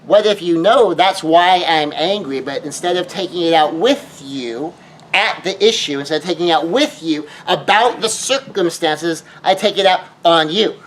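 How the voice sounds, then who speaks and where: A man's voice: a little high, moderate pace, fairly bright tone, slight background noise, poor audio. A man lecturing on grief in an emphatic way, repeating key phrases and asking the listener rhetorical questions. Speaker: grief speaker.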